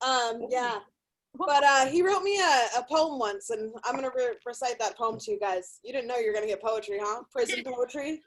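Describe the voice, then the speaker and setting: A woman's voice: fairly high pitch, moderate pace, poor audio. A young woman doing a brash, profane, self-deprecating stand-up set. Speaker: stand-up comedian.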